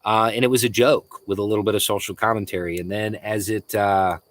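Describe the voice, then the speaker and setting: Southern guy chatting on a livestream, chuckling a lot, kinda low voice, dry close sound. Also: a little fast, dry recording. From Florida. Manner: relaxed, chuckles often, hesitant restarts. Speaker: livestream host. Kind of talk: casual live Q&A reading viewer messages.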